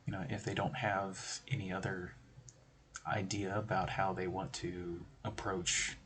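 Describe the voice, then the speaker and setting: A man's voice: sits low, level tone, measured pace, fairly bright tone, slight background noise. A man hosting a stream, explaining tabletop game design in a rambling, conversational way with joking asides. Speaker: stream host.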